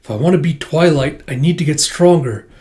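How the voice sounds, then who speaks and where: A man's voice: fairly high pitch, brisk, a little mellow, lightly acted. A man voicing a hot-headed young male secret police officer who talks in a frantic, self-driven way, as he reads a comic aloud.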